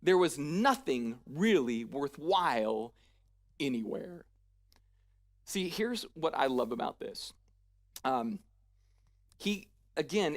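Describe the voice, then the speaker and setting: A pastor preaching a sermon in a church, talking conversationally, often checking in with "right?", and acting out paraphrased lines in a lively, casual voice. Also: medium pitch.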